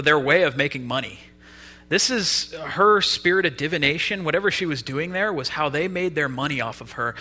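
Young guy giving a sermon, bright tense voice, a bit high, chatty storytelling. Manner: casual storytelling with lively emphasis. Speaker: preacher.

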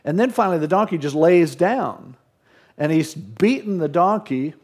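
A man's voice: a little high, lively intonation, moderate pace, a little mellow, slightly rough. A male pastor preaching a sermon, retelling scripture in casual modern speech.

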